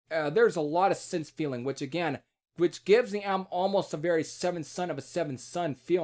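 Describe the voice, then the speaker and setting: A man giving a casual spoken album review, rambling with many restarts and fillers and the odd curse. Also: a little high.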